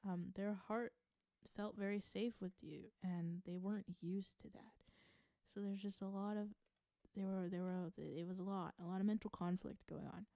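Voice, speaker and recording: A woman's voice: mid-range voice, vocal fry, mellow, no echo. A woman giving a casual tarot reading to camera, musing aloud in a chatty way and laughing often. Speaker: tarot reader.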